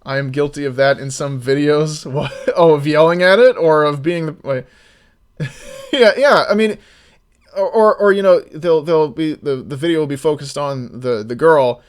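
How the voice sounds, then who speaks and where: A man talking casually on a live stream, rambling with many restarts and sometimes getting loud and exasperated. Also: on the high side, moderate pace.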